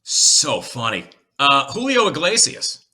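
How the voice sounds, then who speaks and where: A man from Detroit hosting a casual interview, asking halting questions with fillers. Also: medium pitch, very animated, sharp tone. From Detroit, USA. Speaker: podcast host.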